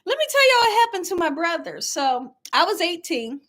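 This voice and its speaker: Extremely high in pitch with big swings and a fairly bright tone, this middle-aged cooking channel host speaks at normal speed. On her casual livestream she chats with viewers, reads their comments aloud, tells stories, laughs frequently and says "y'all."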